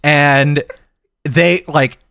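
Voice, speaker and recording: Podcast co-host, male, brightish upper voice, dry close sound, loose and profane. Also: a little high, very slow, gravelly, no echo. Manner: laughing, animated, swears freely, mimics voices. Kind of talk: casual chat. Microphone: podcast mic.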